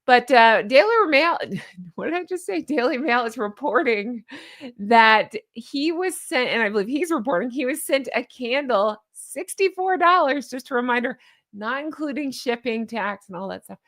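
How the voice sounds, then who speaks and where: A woman's voice: a little high, moderate pace. Chatty, amused woman vlogger. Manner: chatty and amused, laughs often; animated, with rhetorical questions and asides. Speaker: YouTube commentary host. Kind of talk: casual commentary vlog.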